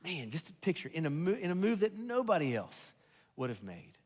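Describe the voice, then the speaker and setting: A man preaching a sermon as pastor, swinging between loud emphasis and hushed, quiet stretches. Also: a little high, very animated, brisk, husky, long reverb tail. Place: church sanctuary.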